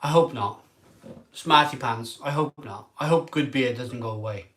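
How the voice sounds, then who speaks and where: A man in an emotional vlog monologue as a craft beer reviewer. He sounds tearful and halting, and often trails off mid-sentence. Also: medium pitch, fairly bright tone.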